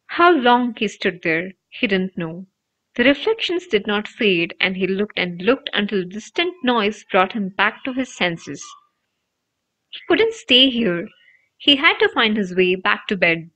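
A woman narrating an audiobook with expressive, emotive storytelling. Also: mid-range voice, unhurried. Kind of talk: audiobook reading. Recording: dull lo-fi recording.

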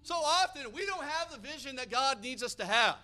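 An American man preaching a sermon, energetic and building to loud, emphatic peaks. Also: very high voice, a little fast.

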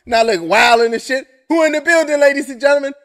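A man's voice: very high voice, quick pace. A man doing loose, profane, clowning commentary while waiting for a fight. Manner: loud, joking and profane, keeps clowning. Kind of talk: casual live-stream commentary.

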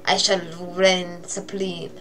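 A woman's voice: fairly low pitch, flat delivery, pushed and bright, faint music behind. A woman putting on a pompous mock-French ruler. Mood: haughty. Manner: grandiose, slow declarations.

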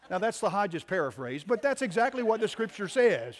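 A pastor preaching a sermon to his congregation, swinging from loud emphatic lines to quiet ones and repeating key phrases. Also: sits high, very animated, fairly quick. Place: church sanctuary.

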